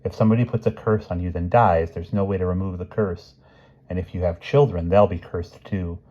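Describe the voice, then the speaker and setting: A man's voice: low-pitched, fairly even intonation, fairly quick, warm tone, lo-fi sound. A man voicing a boastful schoolboy who lectures self-importantly. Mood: explaining. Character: boastful know-it-all schoolboy.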